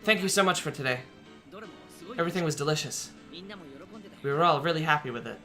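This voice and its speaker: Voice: mid-range voice, a little fast, pushed and bright, faint music behind, natural voice. A streamer reading a hesitant, earnest teenage boy in a near-everyday voice.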